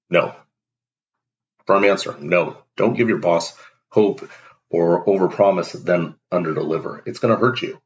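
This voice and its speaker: A man with a low, deep voice delivers a blunt, emphatic motivational monologue as a show host. He acts out little everyday exchanges to make his points. The recording sounds dull and lo-fi. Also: moderate pace.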